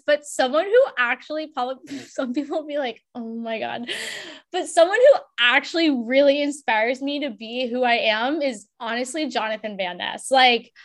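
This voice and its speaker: A young woman hosting a podcast, chatting in a bubbly, rambling way with lots of "like". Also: high-pitched. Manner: bubbly, chatty, heavy use of "like". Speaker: podcast host. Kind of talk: casual podcast conversation.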